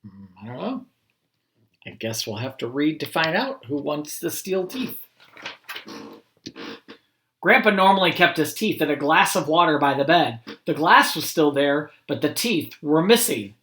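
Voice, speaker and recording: A man, a school principal, reading a picture book aloud to children and chatting gently in asides. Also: fairly high pitch, lively intonation, a little slow. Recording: roomy echo.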